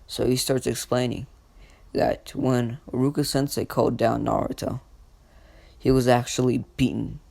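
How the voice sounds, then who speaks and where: A man casually narrating a fan story, halting and slow, with many restarts. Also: mid-range voice, flat delivery, gravelly, a little mellow, dry recording.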